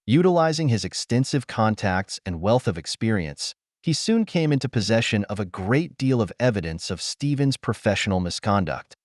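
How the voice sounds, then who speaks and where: A male narrator reading a dramatic audio story. His voice is low with lively pitch movement, and the recording is dry and close. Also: no room sound.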